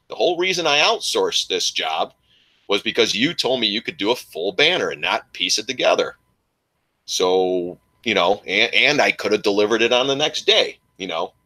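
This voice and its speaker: A man's voice: fairly low pitch, bright, forceful tone. A man hosting a casual live stream, rambling and laughing as he rants and chats with viewers.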